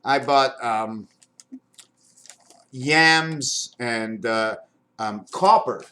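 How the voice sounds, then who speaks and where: An older man vlogging at home talks to his camera very slowly in a medium-pitched voice with a bright, forceful tone. He rambles from topic to topic in a stream-of-consciousness way, showing items to the camera as he goes, with slight background noise.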